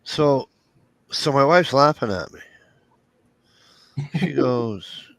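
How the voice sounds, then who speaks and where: A man's voice: mid-range voice, slow, vocal fry, no room sound. A middle-aged man telling funny family stories in casual chat, acting out the voices of the people he quotes and cursing freely. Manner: animated storyteller, acts out quotes, profane jokes.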